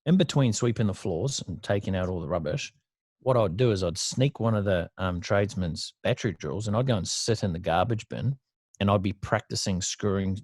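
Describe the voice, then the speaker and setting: Blunt, profane Australian man, lowish voice. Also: brisk, a little mellow, dry recording. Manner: blunt and profane, laughs often. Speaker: podcast guest. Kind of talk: casual storytelling interview.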